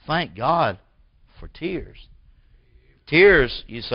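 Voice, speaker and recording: A man preaching a sermon as pastor in a church. He swings from forceful bursts to quiet, hushed lines. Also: lowish voice, animated, a little slow, no room sound, highs cut off. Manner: preaching with rising emphatic bursts and drops to near-whisper.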